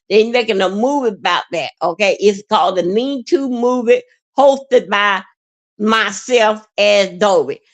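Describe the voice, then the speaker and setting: A woman hosting a livestream, rambling in a halting, repetitive way with many fillers and plenty of emotion. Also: on the high side. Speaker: livestream host. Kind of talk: rambling live-stream monologue.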